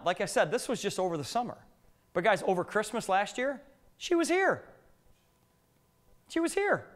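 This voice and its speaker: Joking man presenting to a crowd. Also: high-pitched. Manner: joking storyteller, asks the audience questions. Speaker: business presenter. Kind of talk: live business presentation with anecdotes. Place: meeting room with a live audience.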